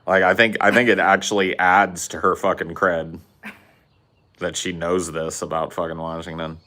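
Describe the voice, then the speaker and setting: A man's voice: sits low, flat delivery, normal speed, sharp tone. A man from Central California with a Californian accent, chatting casually on a podcast, loose and profane, with lots of "like"s. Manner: loose, profane, rambling with many "like"s. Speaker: podcast co-host.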